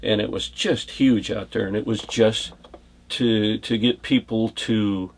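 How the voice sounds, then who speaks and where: The recording carries a little hiss or hum as a middle-aged American ex-bodyguard spins rambling stories, chuckling throughout, in reply to interview questions. His voice sits on the low side, measured in pace and fairly even in intonation.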